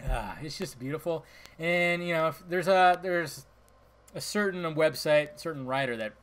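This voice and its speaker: A man hosting a casual solo podcast, talking bluntly and excitably, swearing freely and swinging between loud outbursts and mumbled asides. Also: fairly high pitch, moderate pace. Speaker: podcast host.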